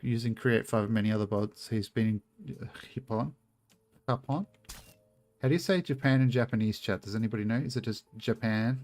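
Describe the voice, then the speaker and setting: A man's voice: mid-range voice, a little fast, a little mellow, soft background music. A man streaming a game and chatting casually with his viewers, rambling and swearing freely. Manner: chatty, swears a lot, rambling asides to chat. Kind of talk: casual gameplay streaming chat.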